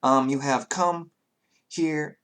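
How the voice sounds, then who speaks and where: Casting: man doing a friendly young Southern lord in a tabletop game, folksy, a touch raised and lively. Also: a little high, slow pace, pitched above the performer's own voice. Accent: Southern US, put on. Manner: folksy, hospitable, rambling. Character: young blond man, cheerful lord of a horse town.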